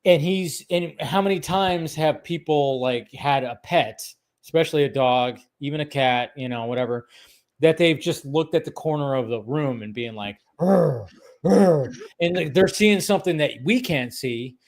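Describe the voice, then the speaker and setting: A man hosting a casual film chat, excitable and swearing freely. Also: fairly high pitch, moderate pace. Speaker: podcast host.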